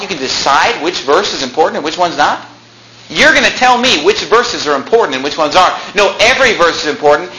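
A man preaching with a bright, forceful, fairly high voice, driving his points home by repeating phrases. He quotes scripture in old-fashioned English. A faint hiss sits under the recording. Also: rough recording. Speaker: pastor. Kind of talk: sermon.

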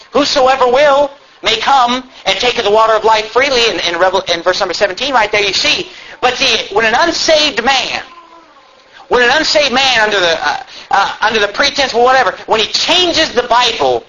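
A man preaching with a high, bright voice that presses hard on key words. His delivery is folksy and emphatic, full of questions to the congregation. The recording is slightly dull, with faint room ambience behind him. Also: slight background noise. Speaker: pastor. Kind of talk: sermon.

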